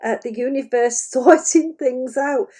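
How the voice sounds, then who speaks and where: A woman working as a psychic medium, passing on channelled spiritual messages in a gentle, hesitant way, a little wheezy and breaking into laughter often. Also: high-pitched, measured pace. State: wheezy, clearing her chest. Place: at home.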